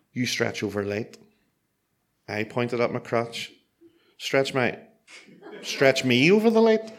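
A man telling a comic personal story with dry, self-mocking, deadpan asides. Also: fairly low pitch.

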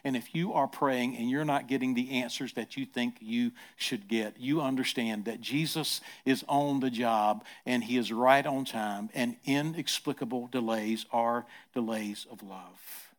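Speaking a little slowly and rarely pausing, a middle-aged pastor gives a sermon in a mid-range voice. He alternates between quiet softness and loud emphasis, repeating words as the intensity grows.

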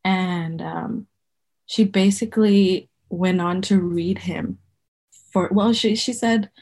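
A woman's voice: mid-range voice, steady tone, takes it slowly, darkish tone. A woman in her thirties from Zimbabwe, telling personal stories casually and rambling with many fillers. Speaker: guest herbalist. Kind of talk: casual storytelling.

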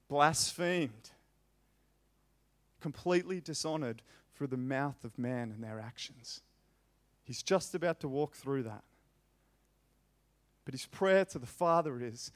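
A man's voice: a little high, lively intonation. A man preaching a sermon, reading scripture aloud and repeating phrases with rising, emphatic force. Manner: impassioned, rising loud on repeated phrases, slow emphatic delivery.

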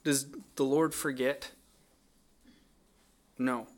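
A man's voice: mid-range voice, level tone, extremely slow. A man preaching a sermon, earnest and thoughtful, often restarting his phrases as he works through a psalm. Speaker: pastor.

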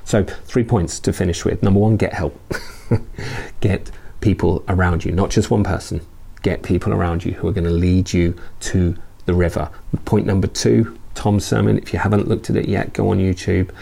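A man preaching a conversational sermon, halting often with restarts. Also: low voice, fairly even intonation, creaky, warm tone, slightly rough.

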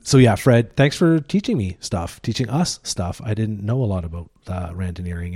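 A man's voice: on the low side, mellow, no echo, studio quality. A man hosting a podcast, laid-back, laughing easily and swearing casually while chatting and doing the outro. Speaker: podcast host.

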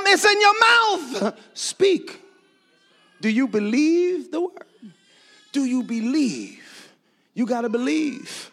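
A preacher delivering a fervent sermon in church, worked up, breaking into shouts and laughter. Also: male voice, extremely high pitch, sing-song, slow pace, pauses often.

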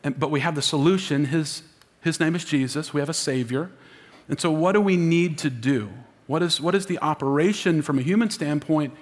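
Emotional preaching pastor in a reverberant church hall. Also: male voice, a little high. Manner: emotional, preaching with audience call-and-response. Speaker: lead pastor. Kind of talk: Easter sermon.

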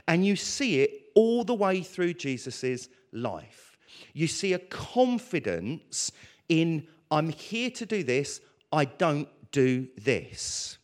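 A man preaching a sermon, talking through scripture and acting out prayers and dialogue in an animated way. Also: on the high side.

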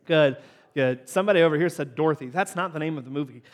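A man opening a sermon in a playful way, joking with and teasing his audience and rising sharply in pitch when surprised. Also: fast.

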